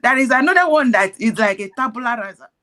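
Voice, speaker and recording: A woman's voice: a little high, lively intonation, quick pace, pushed and bright. A woman giving earnest, preachy commentary in parables, sounding pained. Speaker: activist speaking on a call. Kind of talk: impassioned commentary.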